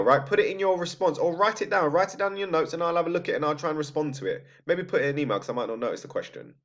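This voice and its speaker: Man teaching with a loose, chatty manner. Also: a little high. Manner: conversational, frequent "right?" checks and restarts. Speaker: psychology teacher. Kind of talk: recorded lecture. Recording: slightly dull lo-fi audio.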